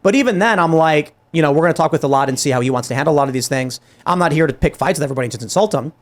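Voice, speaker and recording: A man hosting a political talk show, speaking in an animated, exasperated way with many restarts and acted-out quotes. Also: a little high, racing. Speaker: podcast host. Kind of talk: heated political commentary.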